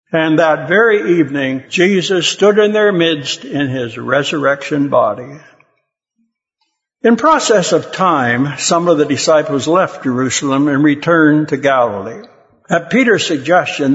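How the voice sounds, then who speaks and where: A man's voice: fairly high pitch, fairly bright tone. A man preaching a sermon, retelling scripture as a dramatic story and lifting his voice for quoted lines. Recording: long reverb, dull lo-fi sound.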